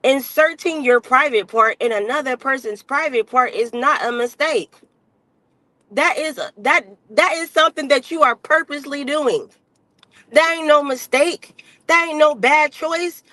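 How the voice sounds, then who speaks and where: A woman's voice: high-pitched, measured pace, sharp tone, dry recording, poor audio. Fired-up woman ranting bluntly on a livestream. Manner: blunt, heavy cursing, emphatic repetition. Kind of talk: unscripted livestream rant.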